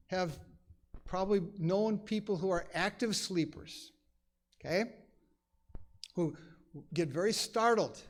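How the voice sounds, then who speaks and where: A man teaching a conversational Bible study in a church, emphatic and chatty, full of asides. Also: high voice. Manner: emphatic, acts out quoted lines; chatty, many "you know" asides.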